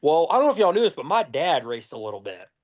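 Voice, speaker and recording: A young man from Georgia, telling profane, lively race stories as a podcast guest. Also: a little high, quick pace, muffled recording. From Georgia, USA. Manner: profane, lively anecdotes with acted-out dialogue. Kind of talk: casual storytelling.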